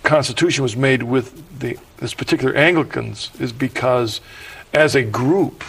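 A man's voice: medium pitch, moderate pace, vocal fry, fairly bright tone, husky, low-quality recording. A man hosting a discussion, stumbling and restarting as he frames his questions. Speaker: host. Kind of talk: discussion moderator.

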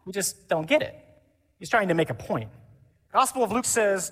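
Male priest, animated conference sermon, higher-pitched, reverberant hall. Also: normal speed, long pauses. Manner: lively, animated preaching with mimicry.

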